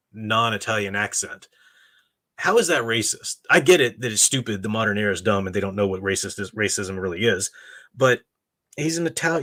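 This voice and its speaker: Forceful low-voiced opinionated man. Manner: opinionated and emphatic. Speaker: live-stream show host. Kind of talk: casual live-stream commentary, reading chat.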